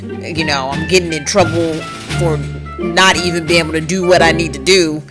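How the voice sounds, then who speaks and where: A woman's voice: medium pitch, animated, fast, music in the background, pitched above the performer's own voice, close to an everyday voice. A woman voicing a sullen, amoral young male gang enforcer in a life-sim game story, defiant and sarcastic.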